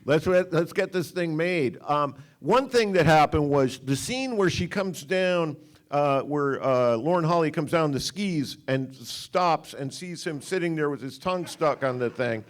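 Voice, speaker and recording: A man's voice: on the high side, animated, a little slow. A man in his sixties, a film director, telling rambling anecdotes at a cinema Q&A. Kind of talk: storytelling on stage. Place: cinema stage.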